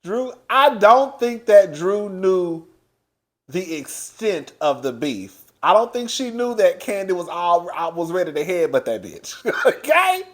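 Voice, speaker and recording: Loud, laughing man gossiping slowly. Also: high voice. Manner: loud and animated, laughs often; chatty, addresses listeners as girl. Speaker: TV show reviewer. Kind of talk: casual recap commentary.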